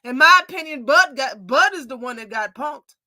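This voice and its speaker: A young adult woman hosting a casual live commentary show, opinionated and animated, acting out quoted lines as she tells them. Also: high-pitched, moderate pace, dry recording. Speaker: host.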